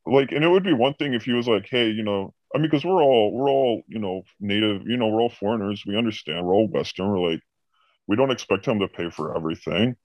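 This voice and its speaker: Profane, animated male storyteller. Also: lowish voice, fast, dry recording. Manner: profane, animated anecdote telling. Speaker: podcast guest recounting a job. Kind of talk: casual storytelling chat.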